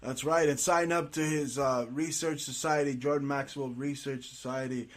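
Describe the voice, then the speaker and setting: A man hosting a casual conversation, agreeing emphatically and filling pauses with "uh". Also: medium pitch, fairly even intonation. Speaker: talk show host. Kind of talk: casual radio-style conversation.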